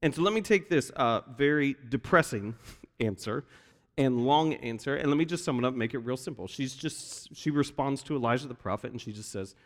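A man's voice: medium pitch, expressive, fairly quick. A male pastor giving a sermon in a church, telling the story with animation and acting out the quoted voices. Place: church sanctuary. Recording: long reverb of a large hall.

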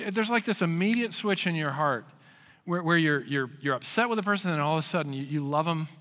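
A male pastor preaching a sermon, telling stories with loud acted quotes and dropping to hushed emphasis. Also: on the high side. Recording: long hall reverb.

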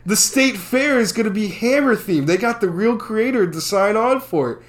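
A man putting on the voice of an excited teenage boy who blurts out news, loud and eager. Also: sits high, moderate pace, voice pushed up.

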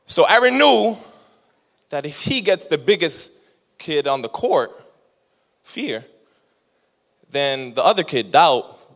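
A man preaching a sermon as a lively story, laughing often and acting out what people said. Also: fairly high pitch. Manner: animated, laughing storyteller who acts out quotes. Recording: long hall reverb.

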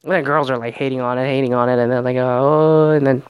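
A man's voice: medium pitch, steady tone, rapid-fire, smooth, dry recording, dull audio. A man casually recapping a reality show, rambling and swearing often, and slipping into voices to mimic the people he quotes.

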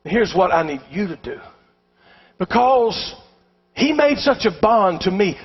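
A man preaching a sermon, retelling a story in a hushed voice and building to shouted declarations. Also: high voice, lively intonation, a little slow, husky, lo-fi sound. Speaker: pastor.

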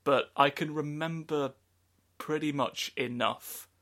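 His voice runs on the high side, steady and slow yet bright and forceful. The man, a podcast co-host, spins a wandering, humorous tale in casual chat, voicing the quotes dramatically into a studio microphone.

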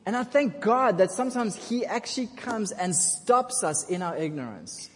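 High-voiced preacher in a reverberant church. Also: male voice, animated, normal speed. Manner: casual, jokey storytelling, asks congregation for responses. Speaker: pastor. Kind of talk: sermon. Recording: long church hall reverb.

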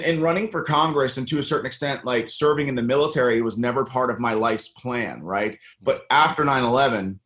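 A man's voice: medium pitch, fairly bright tone. A middle-aged American man speaking earnestly in a casual interview as a congressional candidate, with many fillers and restarts. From United States.

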